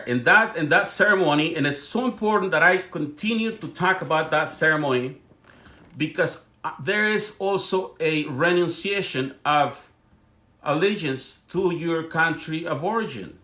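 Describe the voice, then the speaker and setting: A man's voice: fairly high pitch, lively intonation, unhurried, sharp tone. Fervent man with a Spanish accent. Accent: Spanish-accented English. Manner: fervent, speechifying, frequent restarts. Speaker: livestream host. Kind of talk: political commentary monologue.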